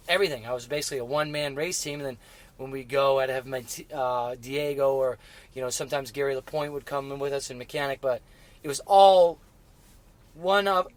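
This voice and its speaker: A middle-aged man telling racing stories in casual conversation, halting and full of restarts, growing emotional as he remembers. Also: mid-range voice. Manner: halting, many restarts and fillers, emotional when recalling. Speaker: guest. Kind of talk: casual interview chat.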